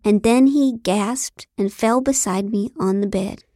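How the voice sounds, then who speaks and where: A woman narrating a comic novel in the first person, with a deadpan, wry delivery. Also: mid-range voice, unhurried, no echo, studio quality. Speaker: audiobook narrator.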